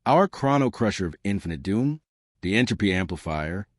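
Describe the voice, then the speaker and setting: A man's voice: on the low side, expressive, normal speed, no echo, clean studio sound. A man voicing a pompous, defeated alien male supreme commander, indignant and blustering.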